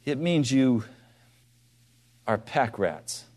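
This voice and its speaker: A man delivers a sermon at a very slow pace, putting direct questions to his listeners and alternating between hushed asides and loud, forceful appeals. His voice sits in the mid-range and swings widely in pitch.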